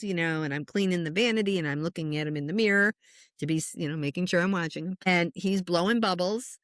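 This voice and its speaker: A middle-aged woman, a spiritual medium, telling a personal story in conversation with lots of lively swings and chuckles. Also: on the low side, no echo, clean studio sound. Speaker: spiritual medium and meditation teacher.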